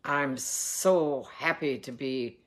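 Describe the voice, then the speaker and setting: Speaking slowly in a rumbling low voice, this woman reads from the Bible and layers in devotional commentary. Her tone is earnest and exhorting, pressing listeners to take action.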